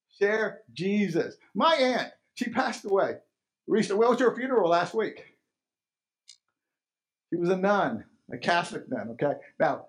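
A man preaching a sermon as pastor, emphatic, asking rhetorical questions and repeating key phrases. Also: sits high.

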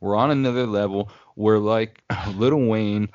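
Low-voiced man in casual podcast chat. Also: a little slow, darkish tone, no room sound. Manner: rambling, joking, lots of fillers. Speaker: podcast co-host. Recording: dull lo-fi dry recording.

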